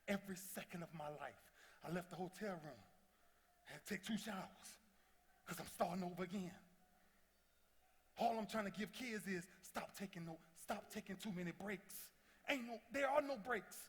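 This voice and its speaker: A man in his thirties giving an impassioned motivational speech, telling stories that swing from loud to hushed. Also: high voice. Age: 30s. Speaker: motivational speaker. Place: large convention hall before a big audience. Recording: long reverb of a large hall.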